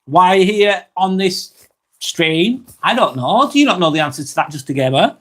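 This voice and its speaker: A man's voice: sits high, animated, moderate pace, a bit bright. A man hosting a live stream, reading viewers' comments aloud and chatting back in a casual, rambling way. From England.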